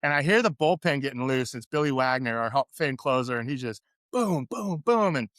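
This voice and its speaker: A middle-aged man from California, a podcast guest and former pro athlete, telling candid stories in an animated, chatty way. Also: mid-range voice, fairly quick, no echo, clean studio sound. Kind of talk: interview storytelling.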